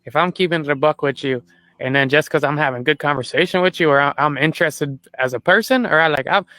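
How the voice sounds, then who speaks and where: Blunt, profane man with a higher voice. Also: fast, dry recording. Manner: blunt, profane, animated storytelling. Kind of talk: casual chat.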